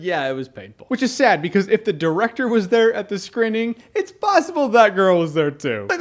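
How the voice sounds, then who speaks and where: A man giving a casual, blunt and profane movie review, sarcastic and quick to act out quoted lines. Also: sits high.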